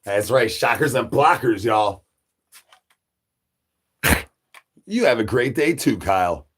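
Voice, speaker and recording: A man's voice: medium pitch, animated, slow pace, fairly bright tone, husky. A man livestreaming, rambling crude jokes and talking straight to his chat in a repetitive, joking way. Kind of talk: rambling crude stream banter.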